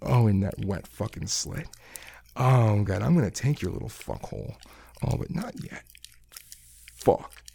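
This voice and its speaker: A man playing a gravelly, domineering kitchen coworker. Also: fairly low pitch, huge pitch swings, unhurried, pauses often, dark tone, heavily acted. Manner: taunting, sneering, commanding. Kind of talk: adult audio role-play.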